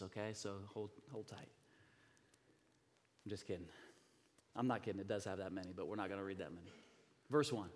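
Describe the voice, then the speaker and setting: A man preaching a sermon, telling a personal story with animated emphasis and repeating words when he gets excited. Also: medium pitch. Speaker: pastor. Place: church sanctuary. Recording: reverberant hall.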